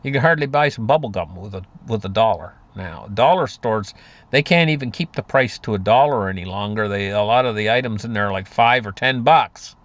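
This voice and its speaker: Speaking in a lowish, a bit bright voice, a market commentator rambles through a folksy, casual monologue about money and markets. His delivery is expressive and a little fast, packed with fillers and restarts.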